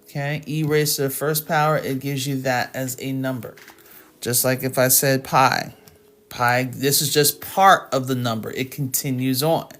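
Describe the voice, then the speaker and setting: A woman's voice: very deep voice, normal speed. A woman tutoring math live in a casual, chatty way. She sounds tired and fills her talk with ums and small laughs. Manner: chatty and relaxed, with frequent fillers and laughs.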